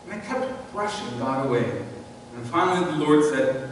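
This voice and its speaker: A male pastor preaching a sermon in a church, telling a story and swinging between hushed and loud. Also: a little high, normal speed. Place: large church sanctuary. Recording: distant mic, long church reverb, faint noise.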